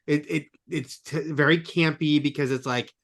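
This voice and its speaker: A man's voice: on the high side, steady tone, vocal fry, a bit bright. A man co-hosting a movie podcast, casually chatting and laughing often. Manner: laughs often, quick agreeing interjections. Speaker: podcast co-host.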